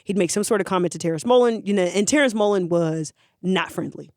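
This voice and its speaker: A podcast storyteller retelling history for laughs, animated, slangy and profane. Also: mid-range voice, fast talker, dry recording, studio quality.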